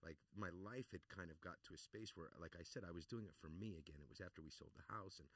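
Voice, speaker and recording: Middle aged guy, really low voice, chatty storyteller, sounds a bit back from the mic, dry room. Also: fast talker, slightly rough, dry recording, distant mic. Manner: lively anecdotal storyteller, laughs and repeats phrases. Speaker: actor, podcast guest. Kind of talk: casual interview storytelling.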